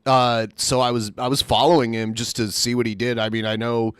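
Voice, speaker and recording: A man's voice: medium pitch, a little fast, clear, resonant tone, no echo, studio quality. A man co-hosting a podcast, chatting casually and rambling, often mimicking the people he talks about. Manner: animated, rambling, mocking imitations. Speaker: podcast co-host. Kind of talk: casual commentary chat.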